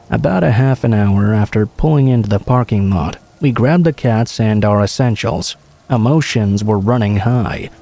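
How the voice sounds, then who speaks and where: A man reading a true horror story aloud in calm, measured scripted narration. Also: mid-range voice.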